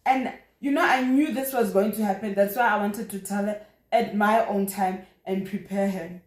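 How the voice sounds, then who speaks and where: A young South African woman telling a personal story in a lively, animated way, with frequent exclamations. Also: mid-range voice, moderate pace. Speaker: vlogger. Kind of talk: casual storytelling. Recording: echoey room.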